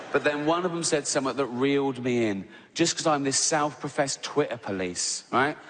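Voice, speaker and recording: Before a live audience in a big theatre, a middle-aged Englishman with a fairly bright, mid-range voice works through a comic story. He throws in sarcastic, mock-indignant asides and overdone impressions, and the live recording catches the crowd laughing.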